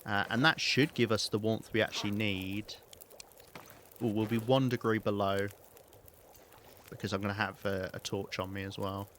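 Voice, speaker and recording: A man's voice: on the low side, steady tone, moderate pace, long pauses, a bit bright, a little hiss or hum. A British man streaming a survival game, rambling and thinking aloud as he plays, with many ums and restarts. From Britain. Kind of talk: live gameplay commentary.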